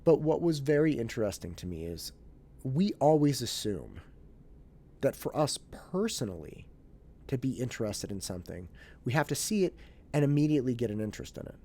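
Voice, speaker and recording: An animated man in his thirties telling a story in a casual monologue, with a mellow, relaxed tone. His voice rises and falls widely as he acts out bits of dialogue and repeats himself on the way to his point. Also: medium pitch, normal speed. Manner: animated, acts out family dialogue, restarts and fillers. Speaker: podcast host.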